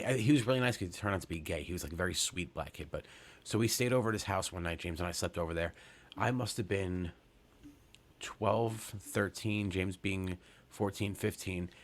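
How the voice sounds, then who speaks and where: A man, hosting a podcast and telling a story casually, rambling and cursing, with many fillers and restarts. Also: sits low. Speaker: podcast host.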